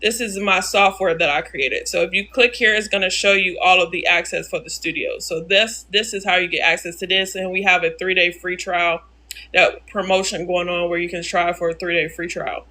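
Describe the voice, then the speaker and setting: A woman with a fairly low, steady voice at normal speed hosts a casual live-stream software tutorial. She narrates each click, repeats her steps, and answers the chat as she goes.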